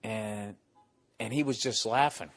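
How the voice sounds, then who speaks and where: Profane, animated comedian telling stories. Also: male voice, on the low side, measured pace, no room sound. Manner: profane, animated storyteller who acts out quotes. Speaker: stand-up comedian guest. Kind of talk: casual storytelling on a talk show.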